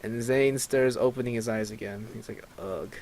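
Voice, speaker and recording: A man's voice: mid-range voice, fairly even intonation, normal speed, darkish tone, slight background noise. A man casually narrating a roleplay game as a let's play host, reading out chat with frequent chuckles. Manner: laid-back, chuckling, reads out chat.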